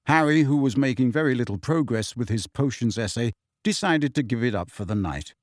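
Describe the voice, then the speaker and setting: The audiobook's male narrator delivers the script in a measured, expressive storytelling style. Clean studio sound captures his mid-range voice without any room sound.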